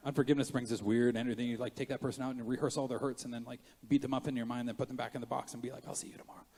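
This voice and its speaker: A man's voice: mid-range voice, rapid-fire. Passionate preaching pastor, man, big hall. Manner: animated preaching, swings from quiet asides to loud emphatic rises; jokey, self-mocking asides. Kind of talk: sermon. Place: church sanctuary.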